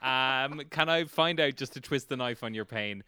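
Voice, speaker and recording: A man's voice: medium pitch, moderate pace, noisy background, natural voice. A man voicing a small, cheeky male goblin dressed as a judge, mocking the players. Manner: smug, mocking.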